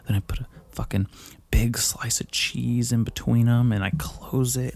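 At home on a desk mic mounted to a boom arm, a man with a mellow mid-range voice rambles casually. Slightly breathless, he swears freely and mocks himself.

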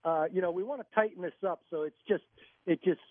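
A man's voice: sits high, quick pace, no echo. A man, an author and radio guest, telling a story animatedly and acting out other people's lines. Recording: tinny phone line, dry.

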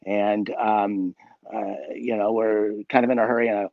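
A man's voice: on the low side, flat delivery, normal speed, a little mellow, no room sound, highs cut off. A man, a guest magician, telling a story in a chatty way, with many fillers, restarts and laughs, heard over a video call. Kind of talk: casual storytelling.

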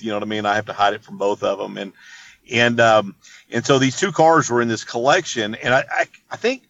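A man's voice: mid-range voice, lo-fi sound. Rambling laid-back man telling a story. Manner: rambling, laid-back, peppered with "dude" and "you know what I mean". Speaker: podcast guest. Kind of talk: casual storytelling chat.

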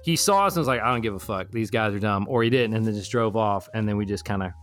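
A young man casually telling a long story to friends, rambling and animated as he acts out what his friends said. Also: on the low side, fast, soft background music. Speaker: storyteller in a truth-or-lie game. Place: Florida.

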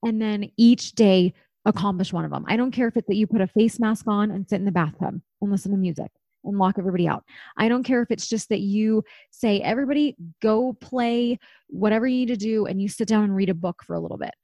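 A woman's voice: mid-range voice, fast, vocal fry, dark tone, dry recording. Candid thirties woman host, chatty and unfiltered, mid-range voice, close and dry. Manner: candid, chatty, swears casually. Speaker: podcast host. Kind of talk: casual chat.

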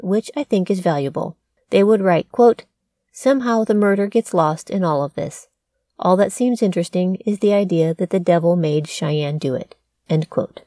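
A woman's voice: on the low side, warm tone, dry recording, clean studio sound. A woman hosting a podcast, telling a true crime story in a conversational way with wry asides. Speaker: podcast host.

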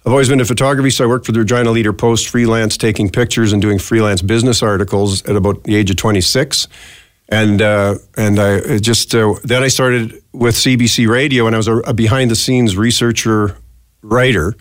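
Low-voiced man in his sixties. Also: a little fast, no room sound, studio quality. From Canada. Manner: chatty, animated anecdotes, acts out quotes. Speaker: retired news anchor, guest. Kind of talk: relaxed storytelling in a studio interview. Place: podcast studio.

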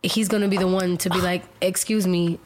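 A young woman co-hosting a casual chat, brash and animated, telling stories and swearing a lot. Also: fairly low pitch, quick pace, slight background noise, low-quality recording.

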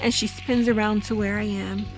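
A woman narrating a first-person horror audio drama, telling it breathlessly with halting restarts. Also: mid-range voice, level tone, faint music behind, close to an everyday voice. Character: young woman recalling a family horror.

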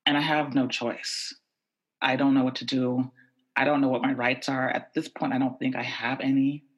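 A man from the United States telling a tense personal story with animated, repetitive buildup. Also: mid-range voice, normal speed.

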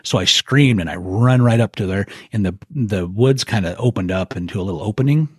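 Middle-aged man, husky low voice, folksy storyteller, dry recording. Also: fairly quick, no echo. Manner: folksy, animated storytelling with acted-out quotes. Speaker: guest elk hunter. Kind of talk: casual hunting story.

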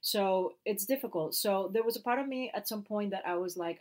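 A woman from Puerto Rico with a Puerto Rican Spanish accent, co-hosting a podcast in casual, animated chat. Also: medium pitch, brisk. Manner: animated, laughs often, quotes people in their voices. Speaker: podcast co-host.

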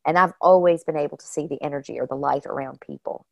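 A woman guest telling personal stories in a casual, animated way, often saying "you know" and "like". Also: low-pitched, quick pace, vocal fry, no room sound. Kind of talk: casual storytelling.

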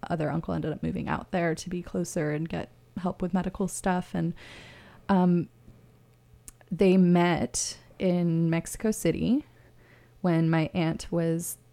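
A woman's voice: low-pitched, creaky, mellow. A woman hosting a radio show, talking in a casual, rambling way with many restarts.

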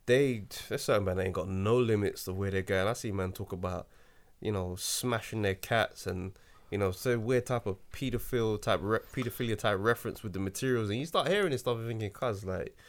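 A man's voice: fairly low pitch, a little fast. A man who works as a stand-up comedian, talking in an emphatic, slangy way in a casual chat.

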